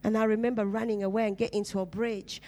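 A woman, a preacher, telling her personal testimony in conversation, earnest and dropping low and soft on painful memories. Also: flat delivery, fast talker. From Uganda.

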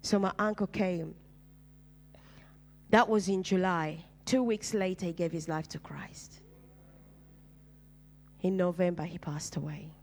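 A woman's voice: fairly low pitch, steady tone, measured pace, long pauses. A woman from Uganda, preaching her personal testimony in an emphatic storytelling manner. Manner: storytelling, acts out dialogue, emphatic.

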